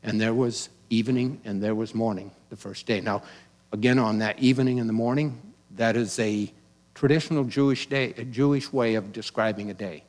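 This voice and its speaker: A man's voice: lowish voice, normal speed, darkish tone. A man pastor delivering a sermon in a conversational, teaching manner, with casual asides and restarts.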